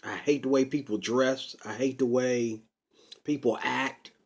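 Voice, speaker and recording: A man talking to camera in a rambling personal vlog, unscripted and full of drawn-out ums. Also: medium pitch, steady tone, gravelly, breathy edge. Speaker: vlogger. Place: Pittsburgh.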